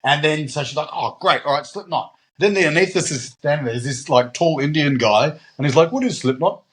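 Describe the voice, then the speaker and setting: Chatty man, slightly high voice. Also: animated, fairly quick. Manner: laughs often, chatty. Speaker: podcast host. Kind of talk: casual chat.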